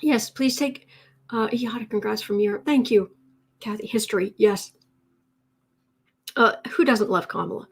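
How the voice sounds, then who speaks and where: A woman's voice: a little high, unhurried, long pauses. A woman hosting a live tarot stream, chatty and emotional, teary at times, reading out viewer comments. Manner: emotional and chatty, many restarts.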